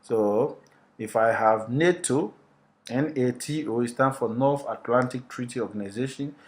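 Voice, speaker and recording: A man delivers a recorded lecture in a measured, explanatory teacher's voice at a mid pitch. He keeps posing questions to the class and then answers them himself.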